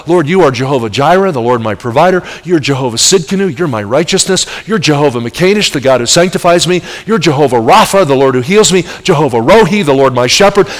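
A middle-aged man preaching a sermon as pastor, animated, with emphatic rising peaks and soft asides. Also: on the high side, fast, hardly any pauses. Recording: long hall reverb.

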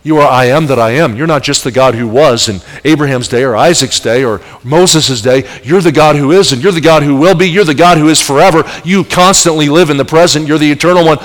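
Man, middle-aged, pastor, sermon, animated emphatic delivery, fairly high voice, long hall reverb. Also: a little fast, hardly any pauses. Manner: animated preaching with rising emphatic peaks and soft asides.

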